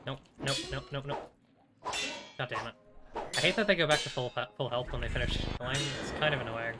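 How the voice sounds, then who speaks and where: A man's voice: medium pitch, quick pace, very noisy. A man casually commenting while playing a video game on a live stream, chatty, swearing freely and talking to himself in short bursts.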